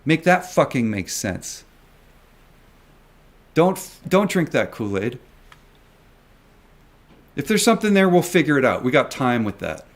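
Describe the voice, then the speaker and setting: A retail stock investor vlogger speaks to his viewers in a ranting video, his mid-range voice swinging widely in pitch. He's unhurried and pauses often, yet rants emphatically, repeats himself and swears a lot.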